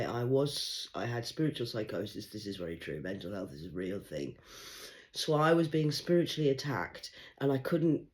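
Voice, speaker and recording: A woman, reading tarot cards in a rambling livestream monologue, swinging between loud urgency and hushed murmurs. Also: sits low. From England. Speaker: tarot card reader.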